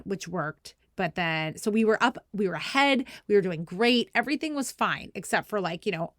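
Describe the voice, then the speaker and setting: The recording is dry and studio-clean as a woman in her thirties, hosting a podcast, relates a story in a relaxed way. Animated and quick to laugh, she uses "like" constantly and performs quoted speech in a higher, playful voice.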